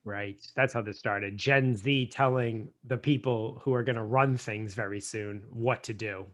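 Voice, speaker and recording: A man's voice: on the low side, fairly even intonation, measured pace. An American man co-hosting a casual podcast over a video call, joking and stumbling over his words. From United States. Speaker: podcast co-host.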